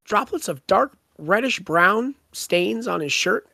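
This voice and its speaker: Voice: medium pitch, animated, slow, creaky, pushed and bright, no room sound, clean studio sound. A podcast host in casual book discussion, retelling scenes with a laugh and quoting lines.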